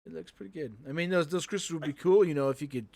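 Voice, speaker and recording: A man co-hosting a casual gaming podcast, laid-back, chiming in and quick to laugh. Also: fairly high pitch, creaky, darkish tone, no room sound. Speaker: podcast co-host. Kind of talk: casual chat.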